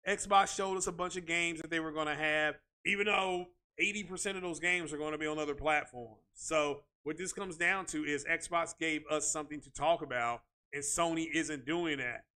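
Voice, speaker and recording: A man hosting a tech video channel, ranting in casual commentary, animated and repetitive and leaning on "you know" fillers. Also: fairly high pitch, normal speed, few pauses.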